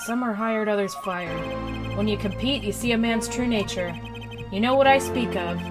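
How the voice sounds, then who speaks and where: A woman voicing a calm, mysterious former magician who plays poker, speaking softly, low and measured. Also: natural voice. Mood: grave. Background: game music.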